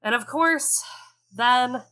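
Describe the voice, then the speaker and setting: A woman co-hosting a casual book discussion podcast, animated and sarcastic, swearing freely. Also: on the high side, takes it slowly, smooth. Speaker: podcast co-host.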